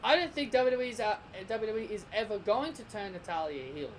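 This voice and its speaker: A young Australian wrestling vlogger gives a heated, opinionated commentary rant, repeating himself and stumbling into restarted sentences. His high, sing-song voice is brisk, and the poor audio carries a little hiss or hum.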